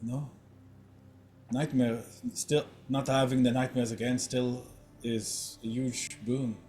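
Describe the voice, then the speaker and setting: A man's voice: mid-range voice, flat delivery, slow pace, darkish tone, natural voice. A man voicing a harried female town leader who gushes and repeats herself. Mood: weary.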